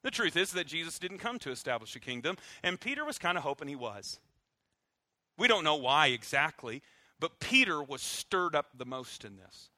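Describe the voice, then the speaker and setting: A male preacher delivers a sermon in a bright, cutting voice that sits a little high for a man. His delivery is animated and varied, leaning hard on key words and dropping low and quiet at the ends of phrases. The sound is close and dry, with no room echo. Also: normal speed. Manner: animated and emphatic, swinging from loud stresses to soft, low endings; uses dry humor and acted-out asides. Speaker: pastor.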